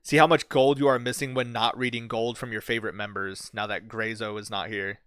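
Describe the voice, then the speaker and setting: A man hosting a livestream, chatting casually with his chat, swearing a lot and telling vivid stories with hushed dramatic build-ups. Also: lowish voice, little pitch movement, fairly quick, clear, resonant tone, dry recording, studio quality. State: bit his cheek, sore mouth. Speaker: livestream host reading chat.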